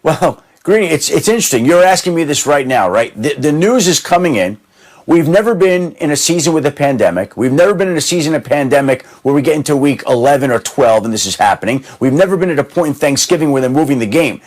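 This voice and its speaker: A man talking as a sports analyst, weighing possibilities in a measured way with a few restarts. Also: a little high, animated, darkish tone. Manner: measured, thinking aloud with restarts. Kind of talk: studio sports talk.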